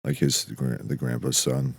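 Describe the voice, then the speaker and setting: Podcast guy doing dry deadpan bits, swears a lot, really low voice. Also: moderate pace, gravelly, husky, no echo. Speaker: podcast host. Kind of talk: deadpan comedic monologue.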